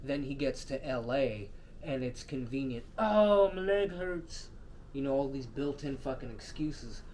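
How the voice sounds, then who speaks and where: A man's voice: mid-range voice, steady tone, normal speed, dark tone, slight background noise. A man co-hosting a podcast, bantering casually with slang and frequent swearing. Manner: profane, joking, slangy banter. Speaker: podcast co-host. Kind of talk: casual sports chat.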